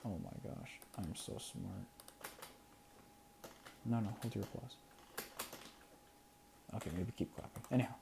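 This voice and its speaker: With a deep, creaky voice at a measured pace, this creator pauses often while talking to themselves over gameplay. They count quietly, chuckle, and drop into whispers from time to time, all against a noisy background.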